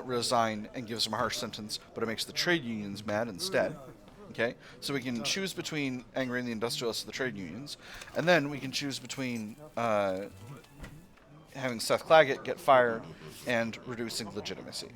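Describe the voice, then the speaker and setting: A man's voice: mid-range voice, fairly bright tone. A man casually commentating his own strategy gameplay, thinking aloud with fillers and playful asides to himself. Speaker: strategy game let's player.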